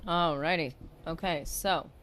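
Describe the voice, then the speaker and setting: A woman's voice: low voice, a little slow, fairly bright tone, a little hiss or hum. A woman live-streaming a video game who chats playfully with her viewers and rambles about quests. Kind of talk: live gaming stream chat.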